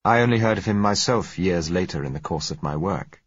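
A man reading a story aloud in a measured, dry manner, his voice very low and husky. The recording is dull and lo-fi, with a dry, close sound and no room echo. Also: animated. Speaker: narrator. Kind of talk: audiobook narration.

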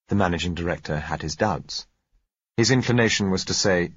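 Low, husky male audiobook narrator. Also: a little fast, no echo, dull audio.

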